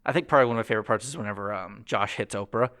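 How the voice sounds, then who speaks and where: A young man hosting a podcast, chatting casually and acting out quotes in lively bursts. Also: rapid-fire. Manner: animated storytelling, acts out quotes with pitch jumps. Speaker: podcast host. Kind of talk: casual chat.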